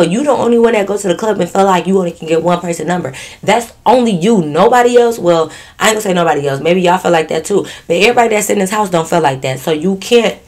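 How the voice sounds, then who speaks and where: Animated, giggly woman telling a story. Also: medium pitch, fast, few pauses. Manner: animated, profane, keeps breaking into laughter. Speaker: vlogger. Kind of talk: casual storytime.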